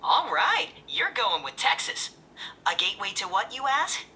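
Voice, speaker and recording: This is an artificial woman's voice speaking as a chat assistant. It sounds bright and crisp, and the pitch moves in a lively way. It stays cheerful and eager, with a faint hiss in the background. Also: normal speed. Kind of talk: upbeat assistant replies.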